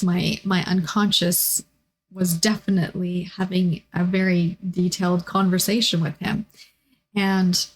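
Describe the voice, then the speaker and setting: A woman's voice: on the low side, poor audio. A woman telling personal stories in a rambling monologue, full of fillers and restarts. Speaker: spiritual vlogger.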